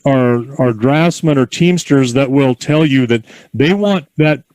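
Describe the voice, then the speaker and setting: Calm folksy man coaching outdoors. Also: medium pitch, a little slow, dry recording, rough recording. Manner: calm, encouraging, folksy storytelling. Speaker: horse driving instructor. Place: outdoor horse corral.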